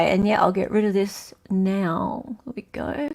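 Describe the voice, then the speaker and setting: A woman's voice: medium pitch, a little slow, gravelly, few pauses, a little mellow. A woman with an Australian accent hosting a casual livestream, chatting loosely and reading out quiz questions in a sing-song list. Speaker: livestream host.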